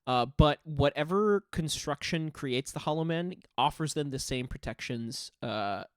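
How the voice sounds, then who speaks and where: A man narrating as game master for a tabletop role-playing game, relaxed and full of "uh" and "um" as he describes the scene. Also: on the high side, a little slow, dry recording.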